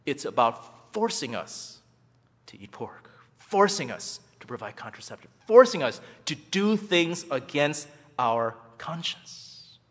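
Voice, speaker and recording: A man's voice: a little high, very animated, takes it slowly. A man giving an impassioned, emphatic public speech at a church event. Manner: emphatic, rising and falling for effect. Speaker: guest speaker at a church event. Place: large hall. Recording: reverberant hall.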